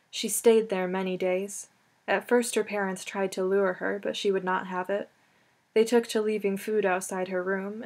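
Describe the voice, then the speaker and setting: Reading a novel aloud for an audiobook, a woman narrates a script in a measured, steady storytelling style with a medium-pitched voice.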